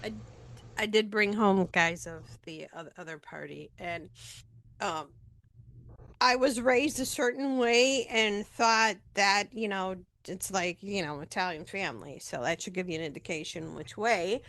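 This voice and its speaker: A woman's voice: mid-range voice, unhurried, a bit bright. Chatty middle-aged woman telling stories. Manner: chatty anecdotal storytelling. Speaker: podcast co-host. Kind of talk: casual chat.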